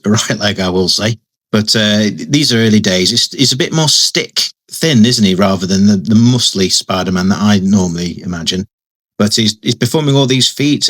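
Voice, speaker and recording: A man's voice: lowish voice, fairly bright tone. A man giving casual, chatty commentary while reviewing a comic book, often adding tag questions and restarting sentences.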